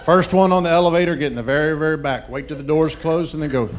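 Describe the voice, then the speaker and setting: A man's voice: on the high side, fast talker. A middle-aged man doing stand-up comedy, chatting playfully and quizzing the audience. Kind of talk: stand-up comedy with crowd work.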